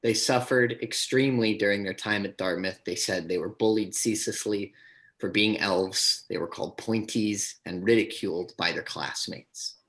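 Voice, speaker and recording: A man performing improv comedy on a live show, talking in a deadpan, repetitive way. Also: fairly low pitch, moderate pace, creaky. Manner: deadpan, repeats one boast. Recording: live stage audio.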